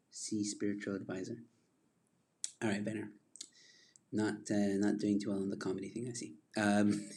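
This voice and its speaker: A man's voice: medium pitch, darkish tone. A man hosting a casual livestream chat, rambling from topic to topic and laughing often at his own jokes. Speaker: livestream host.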